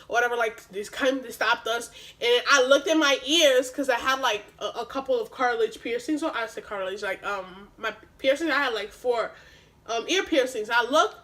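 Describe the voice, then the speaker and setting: A young woman vlogger retelling a story in casual, animated, profane slang. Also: fairly high pitch, normal speed, rough recording.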